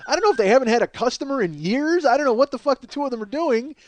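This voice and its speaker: A man's voice: very high voice, lively intonation, rapid-fire, dry recording. A man in his forties hosting a comedy podcast, telling a rambling, profane, self-mocking story full of restarts. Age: 40s. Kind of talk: rambling comic monologue.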